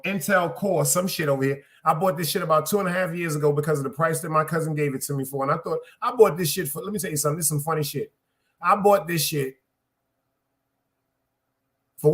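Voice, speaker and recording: High, bright-voiced man in loud casual chat. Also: fairly quick. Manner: loud, profane street talk. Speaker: podcast host.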